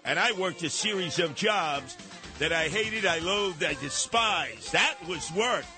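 Brash, high-voiced talk radio host. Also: male voice, expressive, a little slow, music in the background. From New York. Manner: brash, sarcastic, mocking put-on voices. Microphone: studio microphone.

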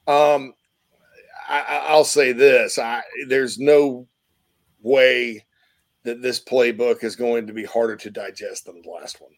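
A man's voice: medium pitch, fairly even intonation, slow pace. A man hosting a sports talk show, chatting casually and rambling with many fillers.

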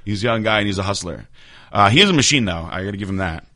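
A young man talks fast in a bright, slightly low voice, recorded dry and close. He tells gym stories in casual chat, acting out what people said. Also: no room sound. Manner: fast, animated storyteller who acts out quotes with laughs. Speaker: podcast host, bodybuilder.

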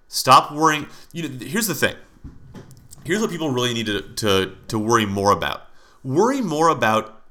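A podcast host with a medium-pitched, bright, forceful voice rants heatedly, addressing listeners directly in solo commentary. He restarts and repeats himself often and swears throughout.

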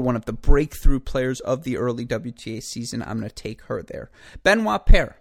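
Male host, casual betting rundown, talkative, mid-range voice, self-correcting delivery. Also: medium pitch. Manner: chatty, rambling, self-correcting. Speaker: tennis betting podcast host.

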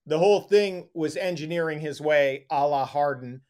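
A man co-hosting a sports and gambling podcast, talking in fast, profane, laughing riffs. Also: on the high side, a little mellow. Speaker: podcast co-host. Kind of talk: casual sports chat.

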